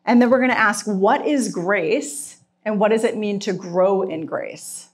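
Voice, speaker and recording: A middle-aged woman giving a heartfelt sermon with personal testimony, earnest and emotional, slowing down for emphasis and at times tearful. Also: medium pitch. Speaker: speaker at a Christian retreat.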